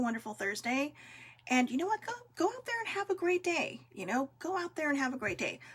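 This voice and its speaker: A woman hosts a casual vlog and speaks straight to her viewers, earnest and gently encouraging. Her voice sits a little high and has a husky, breathy edge. She leans on relaxed fillers as she talks. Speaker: vlog host. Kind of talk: casual heartfelt talk to viewers.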